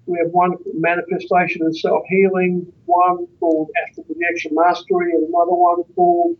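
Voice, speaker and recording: A man with a high, sing-song voice and a breathy edge talks a little fast. Interviewed as a guest author on out-of-body experiences, he rambles earnestly through a long anecdote for a podcast, captured in a dull lo-fi recording.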